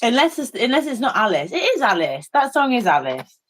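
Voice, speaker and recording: A woman hosting a relaxed painting stream, who teases her friend and rambles in a playful way. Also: a little high, brisk. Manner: teasing, playful, rambling with restarts. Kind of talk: casual chat while painting on a stream.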